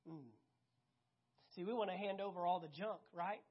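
A preacher in full sermon mode, stressing points by repeating them and dropping from loud to hushed. The voice is husky and mid-pitched. It comes through a dull, lo-fi recording. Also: fast talker. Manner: animated, emphatic, repeats key phrases, swings between loud and hushed.

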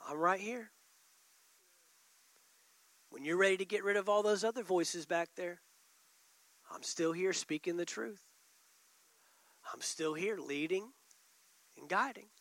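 A preacher voicing the Holy Spirit as a patient, gentle male figure who speaks quietly and reassuringly. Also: high-pitched, measured pace, long pauses, dry recording, pitched below the performer's own voice.

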